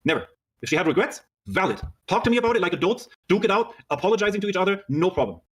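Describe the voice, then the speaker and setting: A man rapidly reading out a string of text messages and recounting an argument, swearing as he goes. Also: sits high, big pitch swings. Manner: rapid reading aloud, swearing, narrating "she says, I said". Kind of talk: fast recounting of a dispute.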